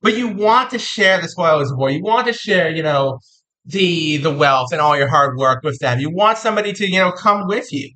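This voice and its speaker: A woman giving a casual tarot reading, animated and playful, often repeating words for emphasis. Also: deep voice, moderate pace, poor audio. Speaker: tarot reader.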